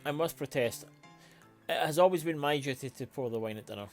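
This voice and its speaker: A man's voice: on the high side, brisk, soft background music, natural voice. A man voicing a stiff, formal butler who insists on his duties. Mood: indignant. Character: proper, fussy old male butler.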